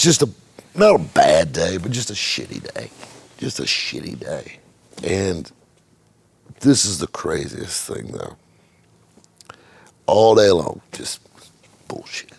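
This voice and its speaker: Gravelly low-voiced man rambling. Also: a little mellow, no echo. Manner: rambling with repeated "just" and profanity. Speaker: car dealer and channel host. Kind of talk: casual storytelling monologue.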